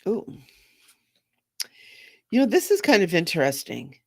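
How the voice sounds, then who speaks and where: A woman's voice: medium pitch, huge pitch swings, a little slow, creaky, a little mellow. Bubbly woman hosting a spiritual livestream. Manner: bubbly, gushing, laughs often, reads out viewer comments. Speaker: spiritual medium and livestream host. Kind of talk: live-stream chat with viewers.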